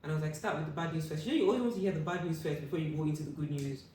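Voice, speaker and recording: A young adult woman telling a personal story as an interview guest, acting out what people said with sudden loud high bursts. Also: very fast, distant mic. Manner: animated, acts out quoted voices with sudden loud high bursts. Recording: echoey room, voice from off the mic, faint room hum.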